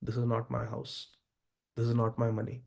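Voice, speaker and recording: A man's voice: medium pitch, monotone, moderate pace, vocal fry, darkish tone. A man giving a devotional scripture class, speaking earnestly and addressing listeners directly.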